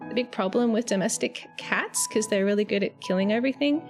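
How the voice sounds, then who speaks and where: A woman's voice: medium pitch, fairly quick, over music. A young Australian woman chatting casually on a live stream, rambling and giggling, with the odd swear word. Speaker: VTuber streamer.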